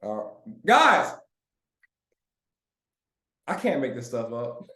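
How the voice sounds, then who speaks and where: Upbeat sales trainer in an echoey room. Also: male voice, mid-range voice, very slow. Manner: lively, coaching, addresses group as y'all, laughs often. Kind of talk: live online training call.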